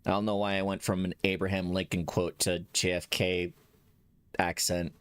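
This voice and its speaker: A man's voice: low-pitched, flat delivery, normal speed, a bit bright, clean tone, no room sound. A man giving casual gameplay commentary, joking, self-mocking and swearing as he reacts to the game. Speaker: gaming streamer.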